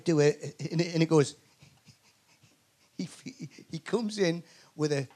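A man's voice: on the high side, slow. A man with a Geordie accent, a comedian and actor, telling rambling, swear-filled anecdotes as a guest. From Newcastle, England. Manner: animated storyteller, swears freely, many restarts. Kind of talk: anecdotal chat before a live audience.

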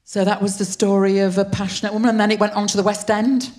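An older woman, a writer telling an animated story on stage, acting out the voices of the people in it. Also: medium pitch, quick pace. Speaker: guest writer. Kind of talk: live on-stage interview storytelling. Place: theatre stage before a live audience.

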